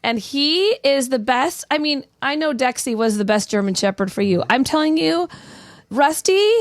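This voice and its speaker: A woman's voice: high voice, moderate pace, dry recording, clean studio sound. A middle-aged woman co-hosting a morning show, teasing her partner and telling stories playfully. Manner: playful, teasing, animated storyteller. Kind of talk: casual radio banter.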